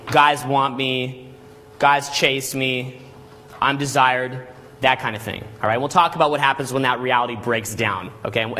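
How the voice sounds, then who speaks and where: A man telling a story to a class as a dating coach, animated and constantly checking in with "right?" and "okay?". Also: mid-range voice. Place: Los Angeles.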